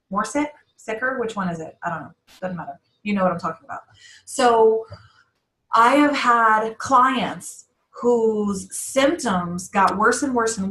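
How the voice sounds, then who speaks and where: A woman hosting a health podcast, talking in a chatty, animated way with quick asides and self-corrections. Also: medium pitch, roomy sound, low-quality recording. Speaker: podcast host and health coach. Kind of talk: casual monologue podcast.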